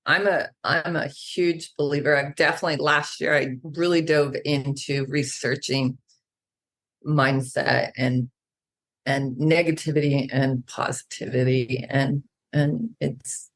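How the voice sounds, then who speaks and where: A woman animal naturopath, a podcast guest, who tells stories in a lively way and acts out the people she quotes. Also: extremely low pitch, a little slow. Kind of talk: casual podcast conversation.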